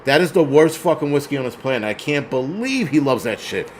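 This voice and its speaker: A man's voice: mid-range voice, lively intonation, fairly quick, slight background noise. A man hosting a casual livestream, reading chat comments aloud and ranting bluntly with plenty of profanity.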